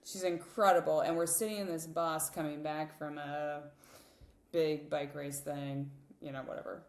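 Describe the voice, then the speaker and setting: A woman in her thirties, a cyclist guest on a podcast, telling emotional stories in a candid, animated way with many fillers and restarts. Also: deep voice, normal speed. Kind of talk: emotional storytelling in a podcast interview. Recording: roomy reverberant sound.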